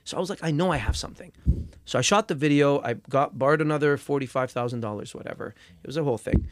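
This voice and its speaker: In a fast, fairly high voice with no echo, a young musician recounts his story during a casual interview. He swears heavily, repeats himself, and gets loud in anger.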